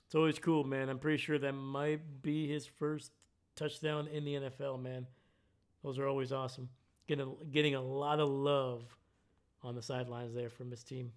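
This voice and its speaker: On a live stream, a young man talks loosely over a football match in a medium-pitched voice at an ordinary pace. Nearly every sentence he says closes with "man," keeping his tone relaxed.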